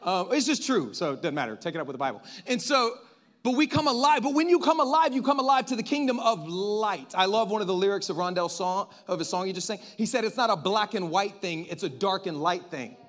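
A man with a high-pitched voice preaches a sermon in a loose, conversational way. He speaks straight to the congregation, poses questions and adds joking asides. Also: animated, brisk, a bit bright.

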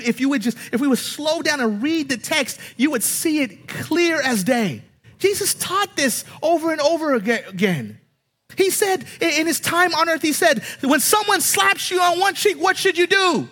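A man preaching a sermon, animated and emphatic, asking rhetorical questions and swinging between loud and hushed passages. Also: extremely high pitch, in a large hall.

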